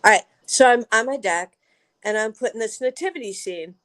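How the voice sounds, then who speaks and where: A woman guest on a podcast telling a story in casual chat, animated and full of swearing. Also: on the high side, fairly quick.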